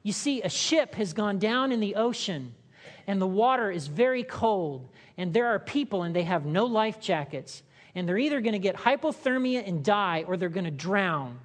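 A woman's voice: medium pitch, animated, moderate pace. A woman pastor preaching a sermon in a conversational style, asking the congregation questions and acting out short voices. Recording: long hall reverb.

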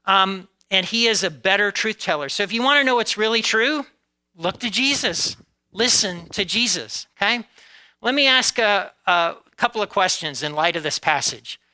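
A man's voice: high-pitched, bright, forceful tone, smooth, low-quality recording. A man preaching a sermon to his congregation, talking conversationally and often checking in with "okay?" and "right?". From United States. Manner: occasional laughs, varies pace from drawn-out emphasis to quick asides. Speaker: pastor.

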